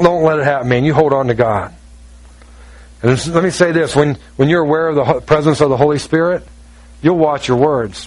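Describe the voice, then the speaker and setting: On a poor-quality recording, a pastor with a slightly high voice preaches emphatically and conversationally. He asks rhetorical questions and acts out the voices of people he quotes.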